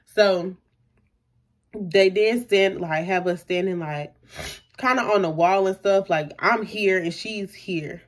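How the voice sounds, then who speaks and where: A woman's voice: lowish voice, measured pace. A young adult woman vlogger telling a personal story in a casual, chatty way, full of fillers, acting out what people said. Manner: chatty, lots of fillers, acts out quotes.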